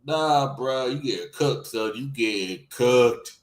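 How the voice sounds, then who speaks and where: A man's voice: mid-range voice, slow pace, reverberant, rough recording. A man co-hosting a casual esports podcast, swearing a lot and acting out quotes as he tells stories. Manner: profane, animated storytelling with put-on quotes. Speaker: podcast co-host.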